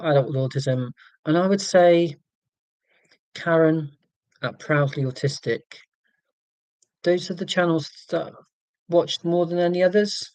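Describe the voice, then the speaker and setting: A man's voice: a little high, darkish tone, no room sound. A man from Scotland hosting a casual livestream, chatting to viewers in a rambling way with many ums and restarts. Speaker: livestream host.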